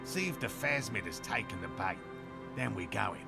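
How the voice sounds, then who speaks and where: Gravelly, dry-witted cryptozoologist. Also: male voice, on the low side, expressive, normal speed. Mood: wry. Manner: dry, sarcastic, learned. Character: weathered middle-aged male cryptozoologist, dry and wry. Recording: game audio with music behind.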